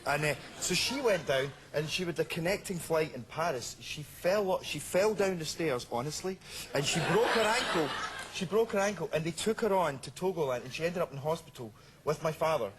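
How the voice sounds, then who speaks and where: Male talk show guest, higher-voiced, laughs a lot, trips over his own words; heavy background noise. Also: a little fast. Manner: animated, laughing often, stumbling over repeated words. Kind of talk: comic anecdote telling.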